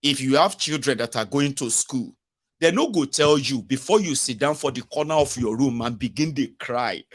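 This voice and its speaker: A man's voice: mid-range voice, normal speed. A Nigerian man with a Pidgin English accent, giving sarcastic, exasperated political commentary. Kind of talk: ranting video commentary.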